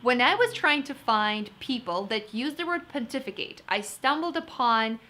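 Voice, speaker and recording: Upbeat woman tutor, lively pitch. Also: normal speed, slight background noise. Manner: upbeat, chatty, addresses viewers as guys. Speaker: vocabulary tutor. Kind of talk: lively test-prep lesson.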